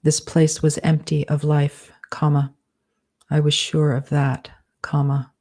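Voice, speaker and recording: A woman with a low, mellow voice dictates her novel at an unhurried pace. She reads out every punctuation mark in a flat, even tone. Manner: speaks punctuation marks aloud, measured and deliberate. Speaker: author.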